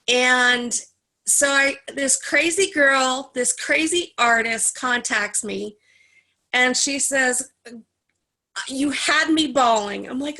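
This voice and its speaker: A woman sharing a personal story in a group session, animated, acting out other people's lines. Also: high voice, slow pace.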